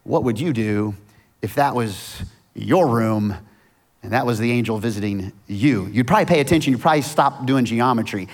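A man's voice: medium pitch, moderate pace. A man preaching a sermon as casual, vivid storytelling with slang. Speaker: pastor.

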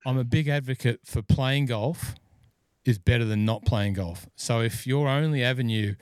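A man's voice: mid-range voice, moderate pace, clear, resonant tone, no echo. A man hosting a podcast, telling long rambling stories with many fillers. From Scotland. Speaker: podcast host and golf club fitter. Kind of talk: casual podcast chat.

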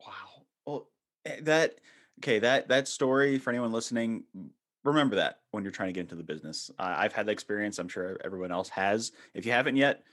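A man hosting a podcast interview, reacting with quick laughs and wrapping up the episode. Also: lowish voice, fairly bright tone. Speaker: podcast host. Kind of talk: casual interview.

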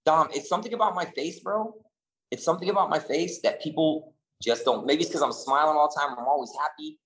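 A man co-hosting a casual chat, telling stories in an animated, profane and rambling way, full of restarts. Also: fairly high pitch, brisk, poor audio. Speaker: podcast co-host.

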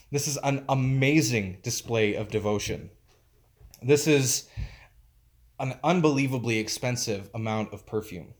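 A man preaching a conversational sermon as pastor, informal and emphatic, often pausing to search for his words. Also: mid-range voice.

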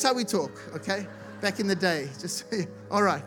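High-voiced impassioned male preacher. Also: animated, normal speed. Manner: impassioned, builds to shouting, repeats "he said". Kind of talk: sermon. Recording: music playing behind the voice.

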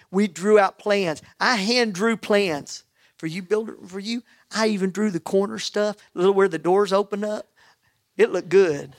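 A man preaching a sermon, telling a personal story with animated quoted dialogue. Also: high voice, dry recording, studio quality. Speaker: pastor.

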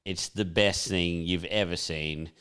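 A man's voice: low-pitched, steady tone, unhurried, a bit bright, clean tone. A man with an Australian accent, co-hosting a podcast and trading sweary, matey banter and stories. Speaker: podcast co-host. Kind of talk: casual storytelling chat.

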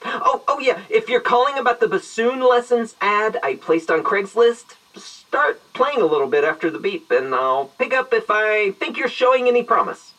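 An actor plays a vain, verbose retired detective in an audio drama, talking in a mock-grand way. The pitch leaps all over the place. The voice sits a little back from the mic. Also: expressive, normal speed, pushed and bright, recorded from a distance, low-quality recording. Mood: theatrical. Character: eccentric retired detective, pompous and theatrical. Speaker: detective on an answering machine greeting.

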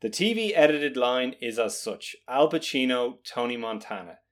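A man's voice: mid-range voice, lively intonation, moderate pace. Guy on a movie podcast, rambly, keeps correcting himself, swears then says sorry. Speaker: podcast co-host. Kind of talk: casual film chat.

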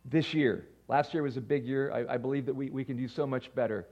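A man preaching a sermon as pastor, animated, going from loud bursts to quiet asides and stammering as he restarts. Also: medium pitch, fairly quick. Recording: dull lo-fi sound.

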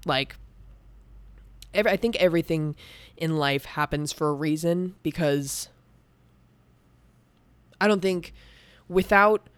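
A young woman hosting a podcast speaks candidly and at length about her own feelings, rambling with many restarts and fillers. Her voice is deep and slow, with long pauses and no room sound.

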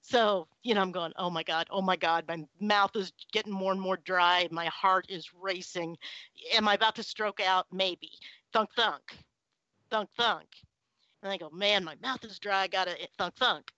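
A woman's voice: mid-range voice, steady tone, moderate pace, pushed and bright, dry recording, highs cut off. A woman telling a personal story at a story night, dramatic and self-mocking, acting out the sounds she heard. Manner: dramatic, mimics sounds, self-deprecating humor. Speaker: guest storyteller. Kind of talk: casual storytelling chat.

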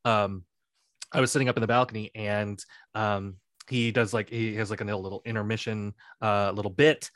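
Male podcast co-host, animated storyteller, bright voice, dry close sound. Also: fairly low pitch, moderate pace, dry recording. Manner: animated storyteller, laughs often. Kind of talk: casual chat.

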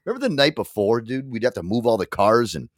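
Animated swearing male co-host. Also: medium pitch, fast, dry recording, studio quality. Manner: animated, profane storytelling. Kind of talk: casual podcast chat.

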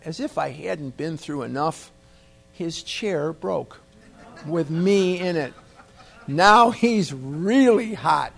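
A man shares a funny personal story before a meeting audience, wry and self-deprecating. His voice sits a little high for a man, and his delivery is loose and conversational. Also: creaky. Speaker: speaker at a recovery meeting.

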